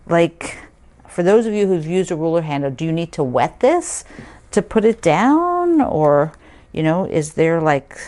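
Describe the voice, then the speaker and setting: A middle-aged woman with a low-pitched voice hosts a quilting show, chatting casually to her viewers while unboxing. She gushes and gasps with delight and thinks out loud as she goes. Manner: gushing, gasping with delight, thinking aloud.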